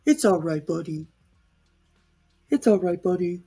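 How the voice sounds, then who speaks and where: A woman's voice: on the low side, expressive, a little slow, dark tone, breathy edge, faint music behind. A woman hosting reaction commentary, sarcastic and opinionated. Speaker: commentary channel host.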